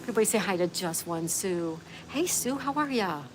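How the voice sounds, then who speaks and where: A woman's voice: mid-range voice, lively intonation, fairly quick, background noise. A woman hosting a casual livestream outdoors, reading viewers' comments aloud and chatting back to them in a friendly way. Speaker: livestream host. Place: outdoors, with a view.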